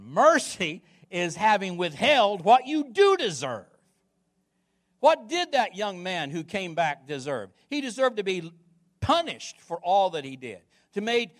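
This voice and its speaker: A male pastor preaching with a high voice that swings widely in pitch. He is emphatic, doubles back on his words, and fires questions at the listeners. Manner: emphatic, repeats words, asks the congregation questions. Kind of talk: sermon.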